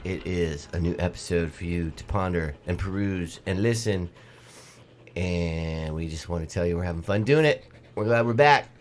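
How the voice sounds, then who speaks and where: A middle-aged man hosting a podcast in casual, jokey banter. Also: lowish voice. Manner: jokey, puts on spooky voices. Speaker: podcast host.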